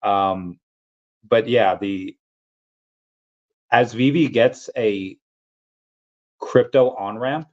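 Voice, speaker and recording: Low-voiced man chatting on a livestream. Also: drawn-out words, long pauses, highs cut off. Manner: rambling, reads viewer comments aloud. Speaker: livestream host. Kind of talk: casual livestream chat.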